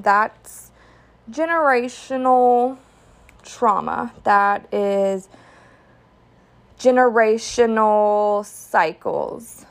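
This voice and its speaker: A young woman talks through a solo podcast episode at an unhurried, drawn-out pace. Her tone is candid and reflective, scattered with fillers like "um" and "like" and an occasional curse. Her voice sits at an ordinary middle pitch. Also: fairly even intonation. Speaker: podcast host. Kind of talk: casual solo podcast talk.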